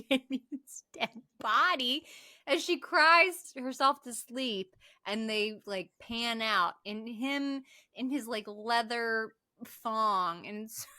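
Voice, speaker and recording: A woman's voice: fairly high pitch, no room sound, clean studio sound. A woman co-hosting a podcast, chatting casually as she recaps a horror film, laughing often and acting out the characters' lines. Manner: animated, laughs often, acts out quotes. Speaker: podcast co-host.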